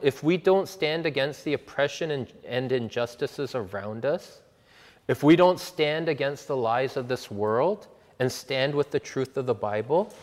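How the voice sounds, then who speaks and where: Man, pastor, sermon and prayer, earnest, emphatic, mid-pitched voice, long hall reverb. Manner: earnest, emphatic preaching with slow, stressed repetitions.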